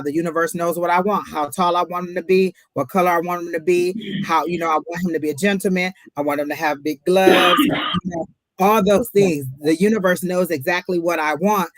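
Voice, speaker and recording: A woman's voice: on the low side, steady tone, brisk, no echo. A woman hosting a casual live-stream tarot reading, talking in a chatty, emphatic way and often repeating herself. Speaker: tarot reader host.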